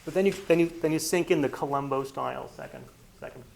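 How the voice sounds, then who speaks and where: Gravelly man teaching a real estate class. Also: fairly high pitch, fast, darkish tone, low-quality recording. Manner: conversational, acts out quoted dialogue. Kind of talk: workshop lecture.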